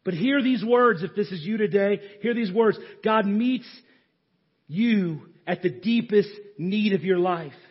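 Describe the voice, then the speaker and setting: A man with a high, husky voice delivers a sermon. He drops to near-hushed tones, then climbs to shouting. The recording is dull and lo-fi. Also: unhurried. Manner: preaching with sudden swings from hushed to shouting. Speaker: pastor.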